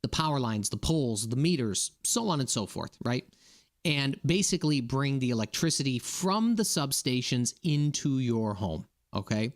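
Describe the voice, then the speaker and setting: A man's voice: medium pitch, lively intonation, normal speed. A man from Massachusetts giving a casual, indignant rant to his viewers, often checking in with "okay?" and "right?". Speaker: political commentator.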